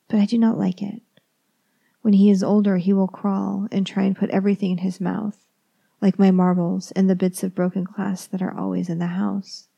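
A woman reading a first-person horror story in a calm, measured way, often slipping into whispers. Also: medium pitch, vocal fry, slightly rough.

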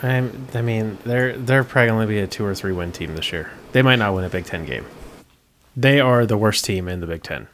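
Man, low voice, blunt, dry verdicts, faint background noise. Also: lively intonation, fairly quick, fairly bright tone. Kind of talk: casual sports chat.

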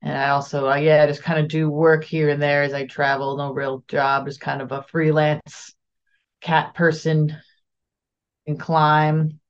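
A woman's voice: deep voice, flat delivery, unhurried. A woman playing in a tabletop game over a video call, talking in a hesitant, rambling way. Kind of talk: casual chat. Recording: dull lo-fi video call audio.

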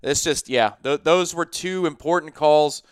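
A man co-hosting a sports talk podcast, chatty and animated, spinning stories and asides. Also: fairly high pitch, unhurried, clear, resonant tone, no room sound, studio quality.

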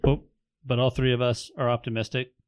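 A man's voice: medium pitch, little pitch movement, a little fast, smooth. Teasing man hosting a sports podcast. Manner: teasing, prompts others. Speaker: podcast host. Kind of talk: casual sports chat.

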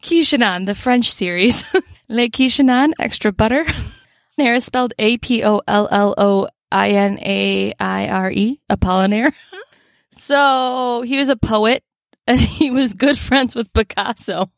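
A woman's voice: on the high side, unhurried, creaky, dry recording, clean studio sound. Giggly Midwestern woman co-hosting a podcast. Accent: Midwestern American. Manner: laughs often, self-mocking. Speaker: podcast co-host. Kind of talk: casual chat.

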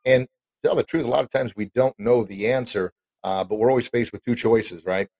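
A man's voice: mid-range voice, a little fast, darkish tone, rough recording. A man hosting an interview podcast, chatting with his guest in an eager, encouraging way. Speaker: podcast host. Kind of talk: casual interview chat.

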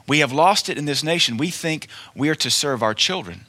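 A man delivers a sermon with a bright, forceful voice that cuts through. He preaches emphatically and tells folksy stories. He hammers his points home by repeating key lines. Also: a little high, animated, fairly quick.

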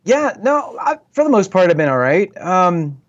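A man's voice: sits high, big pitch swings, moderate pace, lo-fi sound. A man co-hosting a casual podcast, tired from lack of sleep and talking in a wry, easygoing way. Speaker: podcast co-host.

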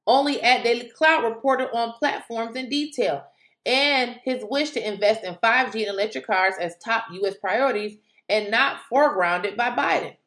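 A woman giving animated political commentary, incredulous and exclaiming at times. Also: a little high, moderate pace, reverberant. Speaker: commentary vlogger.

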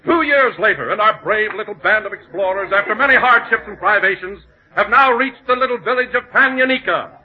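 A man's voice: high voice, a little fast, few pauses, husky, muffled recording. A man narrating as announcer in a 1930s radio comedy, grand and mock-serious. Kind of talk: scripted narration.

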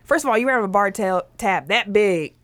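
A woman's voice: mid-range voice, expressive, moderate pace, dry recording. Woman host doing a chill sports chat, news then jokes, dry close mic, nothing behind. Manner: reads out news items, then jokes along.

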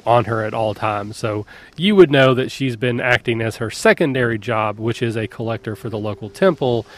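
A man describing his character's actions in a tabletop game, relaxed and casual with fillers. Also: medium pitch. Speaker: player.

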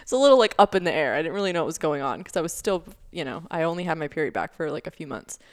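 A woman's voice: deep voice, expressive, very fast. A young woman co-hosting a podcast, telling a story in a chatty way with lots of fillers. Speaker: podcast co-host. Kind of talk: casual chat.

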